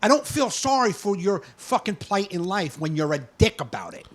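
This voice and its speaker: A man's voice: high-pitched, sing-song, moderate pace. Profane man telling a story on a podcast. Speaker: podcast co-host. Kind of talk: casual podcast chat.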